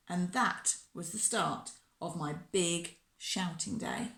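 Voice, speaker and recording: A woman reads a children's picture book aloud, slow and unhurried, in an expressive storyteller manner. Her voice is bright and lively. The room gives her voice a clear echo. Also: on the low side. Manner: warm, expressive read-aloud.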